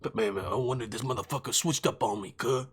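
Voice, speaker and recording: A man voicing a paranoid young male drug dealer in gruff street slang. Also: mid-range voice, fast, pitched below the performer's own voice, natural voice. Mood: suspicious.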